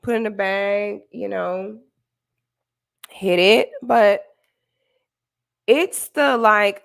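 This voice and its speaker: A woman's voice: medium pitch, fairly even intonation, extremely slow, creaky, long pauses, clean tone. A woman hosting a reaction commentary, exclaiming dramatically and rambling with restarts in casual slang, speaking to her viewers. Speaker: host.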